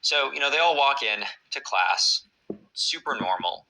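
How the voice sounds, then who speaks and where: A man's voice: medium pitch, lively intonation, a little slow, pushed and bright, low-quality recording. A man casually telling a classroom story on a podcast, animatedly acting out the characters in quoted voices.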